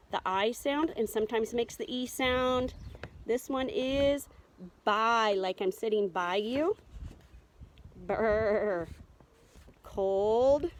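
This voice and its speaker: Slow, patient woman teaching first graders. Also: on the high side, slight background noise. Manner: slow, patient, encouraging, sounding out words. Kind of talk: remote reading lesson for young children.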